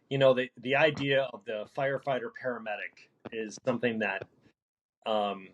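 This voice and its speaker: A man who works as a paramedic, talking through a casual podcast conversation in a halting way, with many restarts and fillers. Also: medium pitch, fairly even intonation, a bit bright, a little hiss or hum, low-quality recording. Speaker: paramedic guest.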